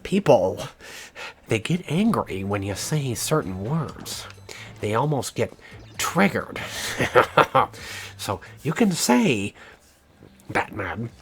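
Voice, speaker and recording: A man's voice: mid-range voice, fairly bright tone. A man voicing the Joker as a menacing, grinning villain, taunting and conspiratorial.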